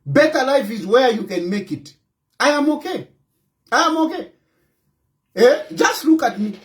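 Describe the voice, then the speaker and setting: A man's voice: very high voice, lively intonation, a little slow. A Zambian man with a Zambian accent, an opposition party leader giving impassioned political commentary, emphatic and scolding, repeating his points.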